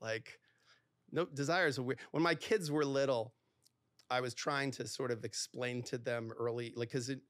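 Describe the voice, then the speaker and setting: A middle-aged divorce lawyer tells stories as a guest in a conversational podcast interview. His medium-pitched, fairly bright voice comes in quick bursts full of fillers as he acts out bits of dialogue, recorded studio-quality with no room sound.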